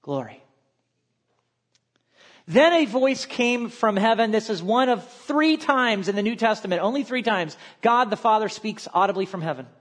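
Male pastor, high voice, sermon delivery with quiet asides. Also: moderate pace. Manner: expressive preaching, quotes scripture aloud, drops to quiet asides.

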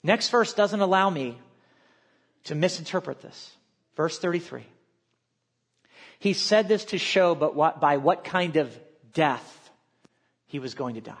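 High-voiced man preaching a sermon. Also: unhurried, pauses often, husky. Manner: expressive preaching, quotes scripture aloud, drops to quiet asides. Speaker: pastor.

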